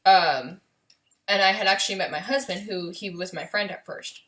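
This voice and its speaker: A young woman telling a painful personal story in a vlog, halting and emotional, with many pauses and fillers. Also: mid-range voice, background noise. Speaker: vlogger.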